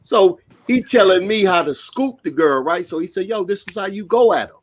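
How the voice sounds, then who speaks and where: A man's voice: high-pitched, animated, moderate pace. Laid-back New York man telling stories. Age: middle-aged. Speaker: podcast co-host. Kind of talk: casual storytelling.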